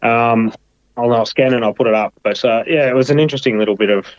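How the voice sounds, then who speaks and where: A man's voice: medium pitch, quick pace, no room sound. Australian male co-host, muffled lo-fi stream audio, dry, rambling agreeable chat. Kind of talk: casual sports chat.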